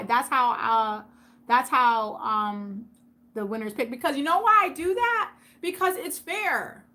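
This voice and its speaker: A woman's voice: on the high side, pushed and bright. A woman hosting a casual live stream, chatting with viewers by name and repeating points for emphasis. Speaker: YouTube host on a livestream.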